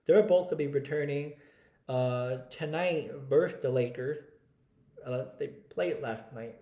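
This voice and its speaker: A man co-hosting a casual sports podcast, rambling with many fillers and pausing to look up stats as he goes. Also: mid-range voice, mellow. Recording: roomy echo.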